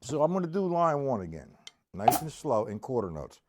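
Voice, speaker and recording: A man's voice: medium pitch, big pitch swings, normal speed, heavy background noise. A middle-aged man teaching a live-streamed drum lesson, patiently explaining and counting aloud as he plays.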